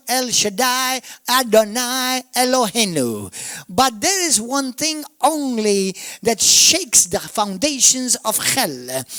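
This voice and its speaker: A man with a Maltese accent preaching a sermon, emphatic, swinging from shouts down to murmurs. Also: very high-pitched, dry recording. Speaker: pastor. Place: church.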